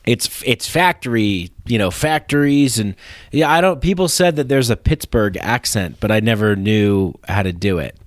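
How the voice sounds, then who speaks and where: A man hosting a comedy podcast talks in a lowish voice, rambling and cursing and restarting his sentences. The sound is close and dry with no echo at all. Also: expressive, moderate pace. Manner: rambling, profane, many restarts. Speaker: podcast host. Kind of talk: casual comedy chat.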